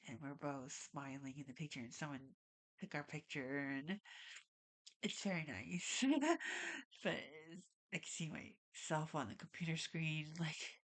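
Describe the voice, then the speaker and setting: Slow, low-voiced woman with a stuffy nose. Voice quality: stuffy nose, audible breathing. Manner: rambling, says "like" a lot. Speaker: vlogger. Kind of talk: casual talk to camera. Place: at home, alone.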